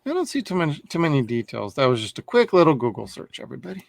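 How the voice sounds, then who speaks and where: A podcast co-host chats casually about a horror film, laid-back, swearing freely and laughing often. His mid-range voice is gravelly and sing-song, racing along. There is no room sound.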